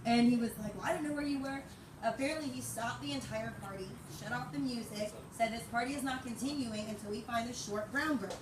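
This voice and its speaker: A young woman in her twenties giving an informal memorial tribute, rambling through anecdotes and often laughing. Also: fairly high pitch. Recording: echoey, distant mic, background noise.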